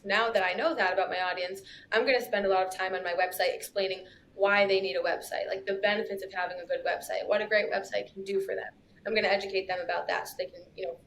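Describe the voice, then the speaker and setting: A woman's voice: medium pitch, fairly bright tone, a little hiss or hum. A woman, talking casually as a podcast guest, chatty and laughing often. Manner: chatty, laughs often, lots of "you know" and "like". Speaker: copywriter guest.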